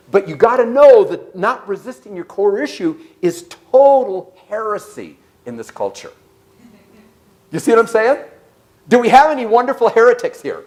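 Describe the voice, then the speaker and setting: A man giving an animated sermon-style talk at a church service, telling stories and questioning the audience. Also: high-pitched. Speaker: speaker.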